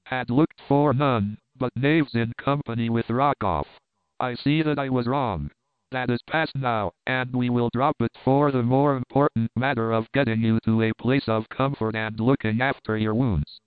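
Stern ape-man lord, menacing and commanding, as a male reader plays him; smooth tone, phone-thin sound. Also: mid-range voice, normal speed, dry recording, natural voice. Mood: gentle. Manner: cold, threatening, commanding. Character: fierce vengeful ape-man nobleman, adult male. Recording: tinny phone-like, dry.

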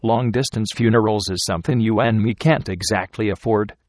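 A man's voice: fairly low pitch, fairly quick, dry recording, clean studio sound, natural voice. A man doing blunt, skeptical frontier traveler. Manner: blunt, plain-spoken backwoods dialect.

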